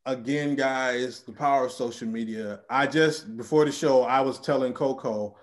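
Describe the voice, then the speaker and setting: A man hosting a casual podcast interview, animated and chatty. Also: medium pitch, normal speed. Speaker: podcast host.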